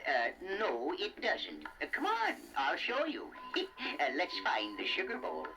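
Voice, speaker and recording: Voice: mid-range voice, wildly swooping pitch, a little slow, rough recording. A performer voicing a fussy, kindly older male inventor who stammers and giggles, speaking formally in a storybook cassette. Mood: explaining. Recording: loud music bed.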